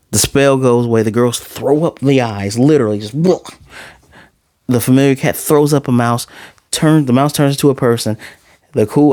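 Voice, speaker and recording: Animated man recapping an anime episode. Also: medium pitch. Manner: animated, acts out character lines in quick snippets; dramatic and exasperated. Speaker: anime reviewer. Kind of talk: casual episode recap and review.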